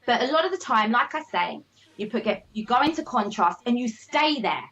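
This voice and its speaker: Animated woman coaching. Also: on the high side, fairly quick. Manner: animated, emphatic, repeats "all right?" and "okay?". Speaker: business coach, guest. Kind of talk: motivational conversation. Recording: slightly muffled lo-fi audio.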